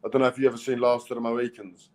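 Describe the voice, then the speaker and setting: A man, a boxer talking plainly in a casual interview, blunt and halting, with restarts. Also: medium pitch, flat delivery, a little mellow, poor audio. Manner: plain-spoken, few words, halting restarts.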